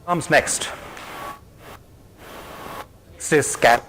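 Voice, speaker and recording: A man's voice: fairly high pitch, extremely slow, a bit bright, slight background noise, poor audio. A man giving a motivational talk to an audience, speaking emphatically, repeating his key phrases and telling a parable.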